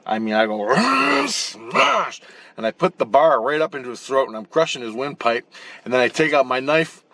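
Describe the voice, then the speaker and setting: Man, mid-pitched voice, casual rambling storytelling, swears a lot, stumbles and restarts, acts out the action. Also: fairly quick, no echo. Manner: profane, blunt, with frequent restarts and repeated words; animated, acting out the action as he tells it. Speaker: channel host recounting spirit-world dreams.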